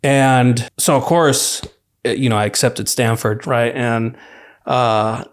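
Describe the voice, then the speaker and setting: A young man from California, a university student, telling his story as a podcast guest in a relaxed, rambling way, full of "like" and "you know". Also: mid-range voice, slow. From California, USA. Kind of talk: casual storytelling interview.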